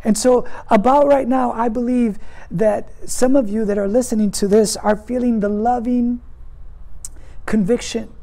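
A man's voice: high voice, darkish tone. A man preaching a sermon as pastor, earnest and emphatic, repeating his points for weight.

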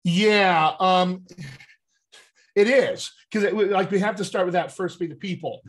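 A man with a slightly higher voice talks as a dialect coach in a teacherly way. He checks in often with a quick "right?". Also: a bit bright. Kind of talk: explanatory interview talk.

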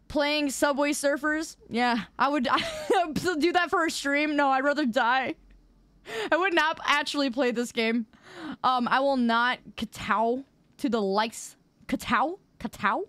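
A woman's voice: high-pitched, a bit bright, dry recording. A woman streamer chatting casually with her viewers while gaming, playful and mock-indignant as she answers chat. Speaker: live streamer.

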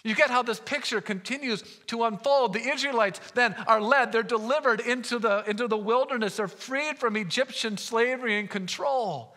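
A man pastor preaching a sermon in a church, telling stories with lively voiced asides. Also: very high voice, normal speed, few pauses. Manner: animated storytelling with voiced asides. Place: church sanctuary. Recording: long hall reverb.

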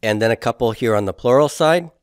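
A male teacher lecturing to a class at a board, asking questions and sounding out forms syllable by syllable. His voice sits at an ordinary middle pitch. The room sound is dry and close. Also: expressive, clear, resonant tone, no room sound. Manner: patient, quizzing students with questions and repeating forms slowly. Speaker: Hebrew grammar teacher.

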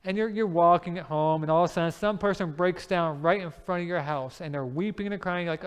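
A man preaching a sermon and presenting a Bible series, telling lively everyday stories, acting out the people in them and putting questions to his listeners. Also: high-pitched, fast, few pauses, smooth. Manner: animated storytelling, acts out everyday scenes and voices, asks the listeners questions. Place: church sanctuary. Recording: long reverb of a church hall.

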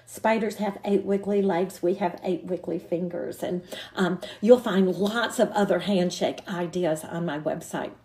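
A woman's voice: on the low side, fairly even intonation, unhurried, warm tone. Upbeat woman teaching songs to teachers. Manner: upbeat and encouraging, breaks into sung demonstrations. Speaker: early childhood educator giving a teacher workshop. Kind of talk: teacher training talk with demonstration songs.

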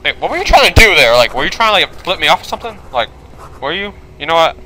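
A man playing a horror video game, commentating with panicky swearing, switching between yelling and muttering. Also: fairly high pitch, very animated, quick pace, a little hiss or hum. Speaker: gaming video host.

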